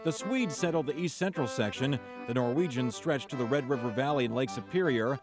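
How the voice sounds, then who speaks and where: A man from Minnesota narrating a TV news feature in a brisk, scripted reporter's delivery. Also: mid-range voice. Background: music.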